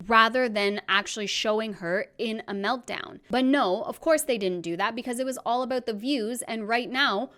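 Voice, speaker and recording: A young adult woman hosting a commentary video, her voice sitting a little higher than most. She speaks in a scripted, pointed way and sounds critical of what she describes. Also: a bit bright. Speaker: commentary channel host.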